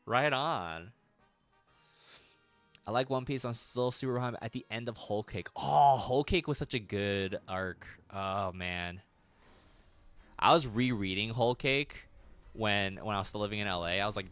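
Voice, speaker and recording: A man's voice: fairly low pitch, a bit bright, no room sound. A man streaming games and chatting casually, rambling, laughing often and swearing freely. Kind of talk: casual livestream chat.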